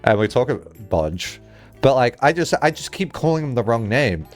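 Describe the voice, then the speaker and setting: A man's voice: medium pitch, very animated, moderate pace, soft background music. A male streamer chatting casually while playing a game, rambling through a story with lots of "like" and swearing.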